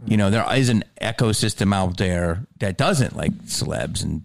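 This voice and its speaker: Gravelly man telling loose stories. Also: normal speed, no room sound. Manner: animated storyteller, swears freely, drops to low mutters. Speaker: podcast host. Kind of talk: casual chat.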